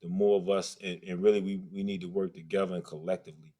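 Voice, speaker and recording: A man with a very deep voice, calling in to the show. He talks earnestly and rambles, starting his sentences over. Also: little pitch movement, fast, warm tone.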